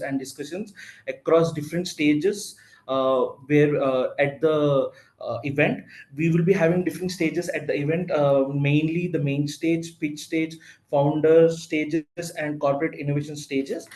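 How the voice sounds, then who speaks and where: A man giving a briefing presentation, halting with many fillers. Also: on the high side, a little mellow, roomy sound, low-quality recording.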